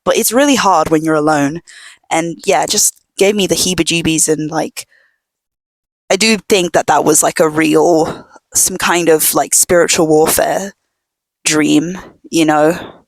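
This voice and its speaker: Young female podcast host, lowish voice, loose rambling chat at home, dry close sound. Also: steady tone, measured pace, no echo. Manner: rambling, filler-heavy storytelling with many "like"s; drops to a hush at times. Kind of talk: casual chat.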